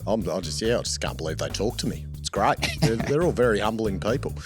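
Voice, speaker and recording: A man's voice: fairly low pitch, big pitch swings, fast talker, music in the background. A man with an Australian accent co-hosting a podcast, chatty and blokey, swearing casually and calling everyone mate. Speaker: podcast co-host. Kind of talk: casual chat.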